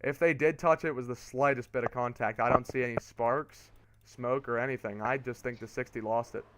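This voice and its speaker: A young man streaming a racing game, giving casual play-by-play commentary that turns excitable on restarts. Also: mid-range voice, brisk, noisy background. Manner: excitable, rises to shouting on restarts.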